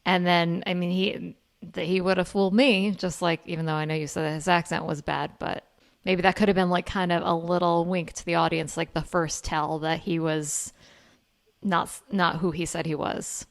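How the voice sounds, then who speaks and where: Lady podcast host, lowish gravelly voice, lots of likes. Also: steady tone, moderate pace. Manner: enthusiastic, filler-heavy. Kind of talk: casual film chat.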